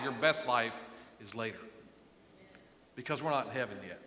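A middle-aged male pastor preaching a sermon with passion, moving from quiet remarks to loud emphatic lines. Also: medium pitch, moderate pace, long pauses. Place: church sanctuary. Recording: echoey church hall.

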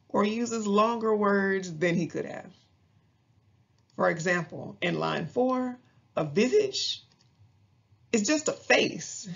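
A woman teacher speaks slowly and deliberately, setting out each point in a measured, mid-pitched voice. Her narration sounds scripted and calm. The recording is a little dull and muffled. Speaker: English teacher.

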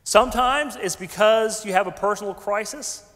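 A high-pitched man with a twang preaches in a loose, conversational way, tossing in folksy asides to his congregation. His voice rings with a long reverb from a big sanctuary. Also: normal speed, a bit bright. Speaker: pastor. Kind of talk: sermon. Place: large church sanctuary.

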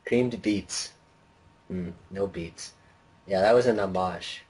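Husky low-voiced laid-back young man. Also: takes it slowly, a little mellow, poor audio. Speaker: co-host. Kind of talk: casual gameplay chat.

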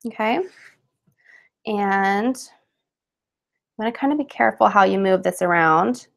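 A woman's voice: medium pitch, unhurried, gravelly. A woman hosting a casual live craft webinar from home on a webcam, chatty and upbeat, with fillers and laughs.

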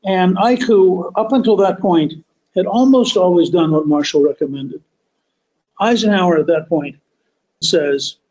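A man hosting a podcast, telling a history story as a deliberate, emphatic monologue that stretches key words. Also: high voice, a little mellow, muffled recording. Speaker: podcast host.

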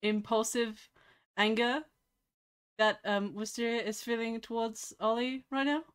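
Woman player, playful, fairly high pitched. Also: level tone, a little slow, clean tone. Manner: playful, teasing. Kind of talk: tabletop game chat.

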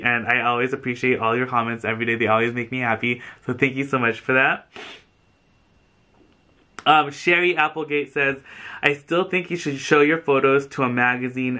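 A chatty man talks casually to his viewers, gushing over their comments with plenty of "like" and "um". His voice is bright and forceful, and it leaps up in pitch when something excites him. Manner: chatty and effusive, many fillers like "like" and "um". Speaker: vlogger reading viewer comments. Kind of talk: casual chat.

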